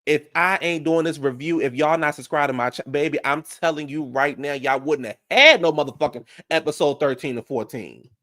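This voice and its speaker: Man, reality show reviewer, fairly high voice, loud and animated, profane, falsetto bursts. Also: brisk, hardly any pauses, dry recording, studio quality. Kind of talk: casual reaction commentary.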